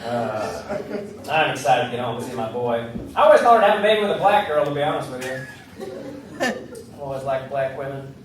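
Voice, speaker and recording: Delivering a stand-up set in a comedy club, this man is brash and punchy and does voices for those he quotes. His mid-range voice is very animated and a little fast, with frequent pauses. It's captured from a distance in a roomy space, with the crowd laughing.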